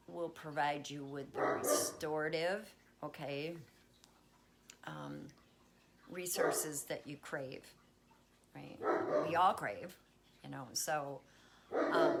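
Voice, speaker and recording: A woman's voice: low-pitched, fairly even intonation, measured pace, creaky, long pauses, heavy background noise. A woman hosting a casual wellness talk from home, chatty and reassuring. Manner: chatty, reassuring, talks baby talk to her cat. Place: at home with pets.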